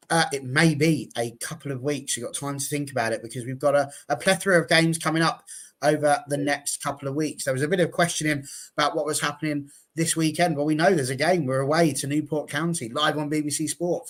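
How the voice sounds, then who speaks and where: A man's voice: a little high, a bit bright. A man hosting a casual panel show, rambling and chatty with many fillers as he signs off. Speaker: host.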